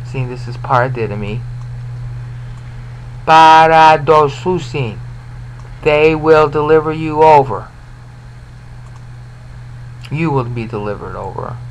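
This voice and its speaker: A man talks through a scripture lesson at an unhurried, deliberate pace. His voice sits a little high for a man. He keeps turning to the listener with questions, and a faint noise hangs behind him. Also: poor audio. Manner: explanatory, repeats and restarts words, asks listener questions. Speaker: Bible teacher. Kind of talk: informal Bible lesson.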